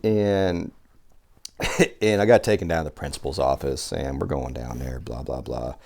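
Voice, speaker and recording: A man, a survival instructor guesting on a podcast, telling casual stories from his youth in an animated way, swearing freely and acting out the people he quotes. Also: very deep voice, normal speed. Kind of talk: casual storytelling chat.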